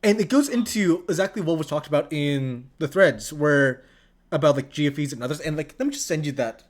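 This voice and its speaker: A man's voice: on the high side, fairly quick. A man co-hosting a podcast in casual chat, leaning heavily on "like" and teasing his co-host. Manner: lots of "like" fillers, teasing.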